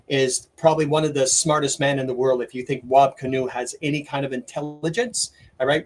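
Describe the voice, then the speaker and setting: A middle-aged man, hosting a livestream and ranting excitedly, with lots of stumbles and restarts. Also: mid-range voice. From Canada. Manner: excitable, rambling rant with many restarts. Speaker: livestream host. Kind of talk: opinionated livestream commentary.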